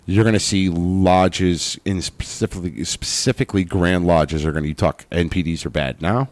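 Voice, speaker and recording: A man with a fairly low voice talks through a casual podcast chat, musing over what-ifs and laughing here and there. The sound is dry and close, with no room around him. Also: normal speed, dry recording. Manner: animated, laughs often, hypothetical musing. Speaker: podcast co-host.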